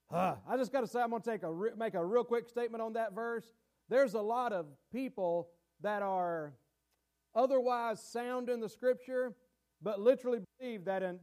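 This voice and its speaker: A man's voice: high voice, a little mellow. A man preaching a teaching sermon in a conversational way, with many fillers and restarts and emphatic key points. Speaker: pastor.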